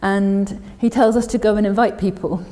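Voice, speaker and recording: A woman's voice: mid-range voice, steady tone, normal speed, dark tone. Chatty woman preaching in a reverberant hall. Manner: chatty, self-deprecating, many fillers and restarts. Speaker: church speaker. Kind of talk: informal sermon and scripture reading.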